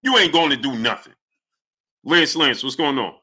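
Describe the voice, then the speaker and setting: A man's voice: mid-range voice, normal speed, husky. A man hosting a live stream, greeting viewers by name and ranting with heat. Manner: animated, heated, shouts out chat names. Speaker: livestream host.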